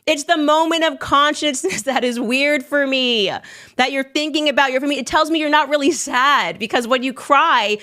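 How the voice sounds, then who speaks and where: A woman hosting a casual commentary show, talking in a sarcastic, animated way and laughing as she talks. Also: high-pitched, normal speed.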